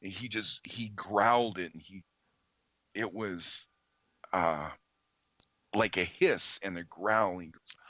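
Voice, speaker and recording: Low-voiced man telling a story. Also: bright, forceful tone, no echo, highs cut off. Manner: earnest, halting with many ums and restarts. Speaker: podcast guest. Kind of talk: storytelling in conversation.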